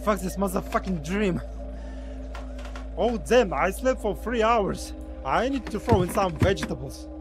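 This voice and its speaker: A crude, grumpy video game character who swears his way through his complaints. His voice sits high. Game music plays clearly behind him. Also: lively intonation, measured pace, low-quality recording. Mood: grumbling. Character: grumpy, foul-mouthed hungover man, coarse and crude.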